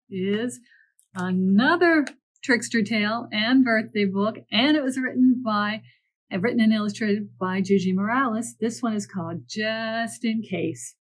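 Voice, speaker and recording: A woman librarian reading picture books aloud to children, gentle and animated, with chatty asides to the listener. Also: on the high side. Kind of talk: picture-book read-aloud.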